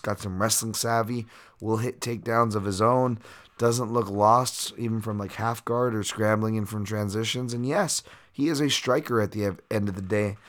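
A man hosting a podcast, giving a casual, rambling breakdown of fights and bets with lots of fillers and the odd swear. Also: on the low side. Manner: rambling, filler-heavy, occasional profanity. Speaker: podcast host and fight analyst. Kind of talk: casual betting breakdown monologue.

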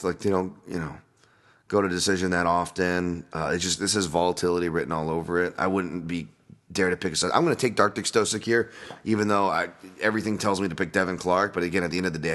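A man's voice: low-pitched, steady tone, fast talker, a bit bright. A man hosting a casual solo podcast, rambling loosely through fight picks at home with lots of fillers and restarts. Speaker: podcast host, fight analyst. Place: at home, dog nearby.

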